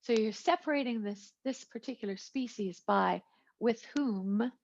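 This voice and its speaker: Female instructor, chatty lecture delivery, husky voice, dull lo-fi recording. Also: on the high side, measured pace, darkish tone. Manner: chatty, digressive lecturing with asides and jokes. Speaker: biology instructor. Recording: lo-fi, muffled recording.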